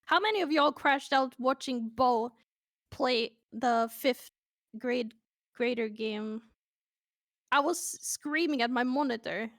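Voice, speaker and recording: A woman's voice: sits high, slow, a bit bright, dry recording, studio quality. A woman from Sweden with a Swedish accent, chatting playfully and casually with stream viewers over a voice call. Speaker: guest on a stream.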